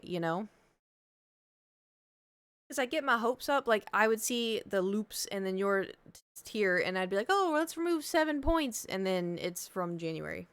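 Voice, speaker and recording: A woman's voice: medium pitch, a bit bright, clean tone, dry recording. A woman streamer telling a story in casual chat, rambling with lots of fillers.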